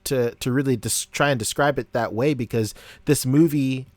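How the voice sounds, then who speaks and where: A man's voice: mid-range voice, moderate pace, darkish tone, no room sound. Loose-talking man on a dry mic. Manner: loose, swears freely. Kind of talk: casual chat.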